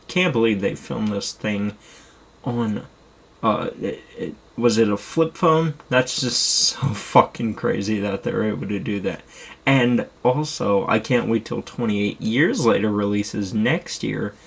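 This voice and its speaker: A young man chatting casually and rambling excitedly as a streamer, with the odd curse word. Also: fairly low pitch, gravelly, slightly rough. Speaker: streamer showing his movie collection. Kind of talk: casual chat.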